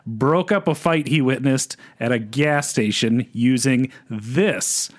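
A man's voice: mid-range voice, slow pace. Man with a polished radio voice. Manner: laughs often, reads quiz questions in a polished radio voice. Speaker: podcast co-host and quiz master. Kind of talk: casual chat.

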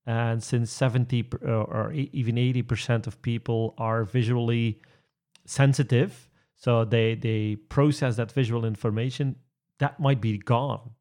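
Male trainer, conversational, halting with fillers and restarts, laughs easily. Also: medium pitch, steady tone, darkish tone. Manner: hesitant, many restarts and fillers, chuckles often. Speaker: presentation trainer. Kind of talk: conversational podcast chat.

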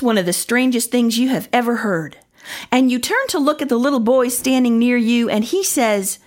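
A woman narrating a Bible story for children in an expressive way, dropping into dramatic whispers. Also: a little high, normal speed. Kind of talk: scripted narration.

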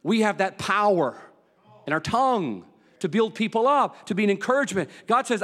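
Folksy preacher man in a reverberant hall. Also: moderate pace. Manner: swings from loud excited storytelling to low hushed emphasis; folksy, humorous, colloquial. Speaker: pastor. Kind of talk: sermon with storytelling.

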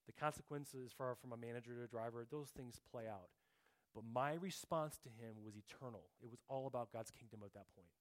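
A middle-aged man giving a heartfelt testimony in church, earnest and often dropping to a soft, quiet tone, sometimes repeating words as he searches for a phrase. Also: mid-range voice, brisk. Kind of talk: sermon testimony.

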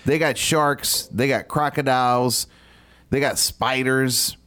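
A man's voice: mid-range voice, fairly even intonation, slow, pushed and bright. A man from Louisiana co-hosting a casual radio show, talking bluntly and swearing casually. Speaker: radio co-host.

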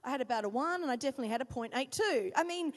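A woman's voice: sits high, racing. Woman preaching, long hall echo. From Australia. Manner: animated storytelling, self-mocking humor. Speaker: pastor. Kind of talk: sermon.

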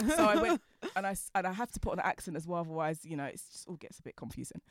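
A woman telling stories as a podcast guest, talking fast and laughing as she goes. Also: lowish voice, sing-song, no echo, clean studio sound. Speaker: guest, designer. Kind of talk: animated storytelling in conversation.

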